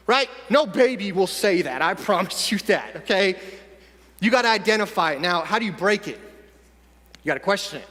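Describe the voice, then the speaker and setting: A man giving an energetic, punchy motivational speech to a young audience in a large conference hall. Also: high voice, moderate pace. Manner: energetic, punchy, addressing the crowd directly. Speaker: motivational speaker.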